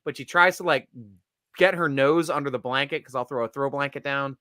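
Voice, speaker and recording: A man's voice: mid-range voice, brisk, bright, forceful tone, clear, resonant tone, dry recording, clean studio sound. A man hosting a casual podcast chat, joking and laughing often, hyping up guests. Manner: jokey, laughs a lot, announcer-style guest intros. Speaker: podcast host.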